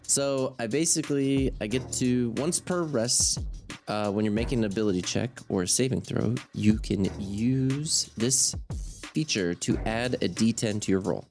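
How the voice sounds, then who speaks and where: A man's voice: mid-range voice, unhurried. A man playing a tabletop game, joking wryly about his own bad luck. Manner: wry, self-deprecating. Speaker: player. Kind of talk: casual tabletop game chat. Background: background music.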